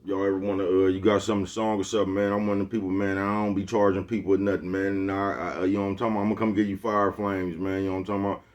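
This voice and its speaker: Bay man, very low voice, loose slangy vlog rant, looping back on himself. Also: level tone, rapid-fire, hardly any pauses, darkish tone. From Oakland, California. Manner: slangy, rambling, keeps asking "you know what I'm talking about". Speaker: vlogger. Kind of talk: casual monologue to camera. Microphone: phone with Bluetooth earpiece.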